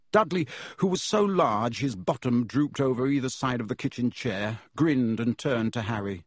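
A man narrates an audiobook in a measured, storytelling way, with a husky edge to his mid-pitched voice. The recording is dry and close, with no room sound. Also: lively intonation, dry recording.

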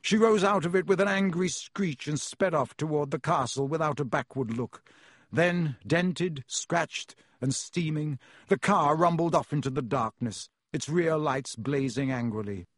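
Husky male audiobook narrator. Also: a little high, measured pace, no echo, studio quality. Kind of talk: storybook narration.

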